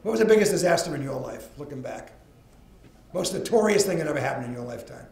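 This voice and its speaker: An older man tells stories to a live crowd in a folksy, animated way. His voice sits high for a man. The sound carries a roomy echo from the event space. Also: quick pace. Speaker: motivational speaker. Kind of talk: storytelling talk to a live audience. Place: event room.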